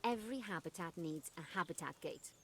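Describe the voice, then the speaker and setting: Jokey zoo guide. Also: female voice, fairly low pitch, lively intonation, a little fast, fairly bright tone, slight background noise. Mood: cheerful instructing. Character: upbeat, jokey adult female zoo guide. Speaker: in-game tutorial guide. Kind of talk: scripted game tutorial dialogue.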